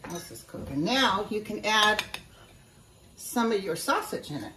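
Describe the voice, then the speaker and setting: A woman's voice: medium pitch, sing-song, measured pace, noisy background. A woman talking through a recipe in a casual cooking vlog, chatty and folksy and speaking straight to her viewers from her home kitchen. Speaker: home cook showing a recipe. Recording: roomy sound from a distance.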